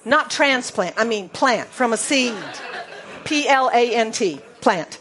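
Woman preacher, American accent, slightly high voice, playful, spells words out and goes hushed for emphasis. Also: expressive, takes it slowly, slight background noise. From United States. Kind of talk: sermon.

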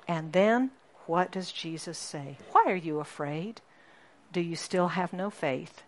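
A woman preaching a sermon to a congregation, animated and emphatic, often asking the listeners questions and repeating key lines. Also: fairly low pitch, unhurried. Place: church congregation.

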